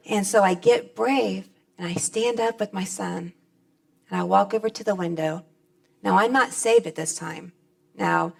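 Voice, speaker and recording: A woman's voice: fairly low pitch, gravelly. A middle-aged woman speaking on stage at a convention, giving a plainspoken, folksy personal testimony.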